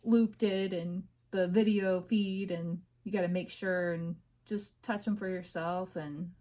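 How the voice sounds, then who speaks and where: A woman's voice: on the low side, steady tone, measured pace, warm tone. A woman hosting her own podcast from her home office, talking casually and venting in a rambling way with lots of fillers. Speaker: podcast host. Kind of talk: casual personal chat.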